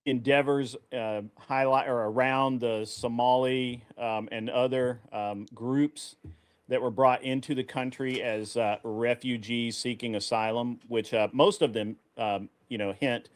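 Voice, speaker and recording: A man arguing his side in a live online debate, hesitating often with many fillers. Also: mid-range voice. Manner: halting, full of uh and um fillers.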